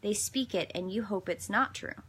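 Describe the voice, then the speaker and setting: A woman's voice: medium pitch, normal speed, a bit bright, slightly rough. A woman hosting a daily devotional, reading a passage and then reflecting in an earnest, meandering way with some self-corrections. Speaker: devotional host.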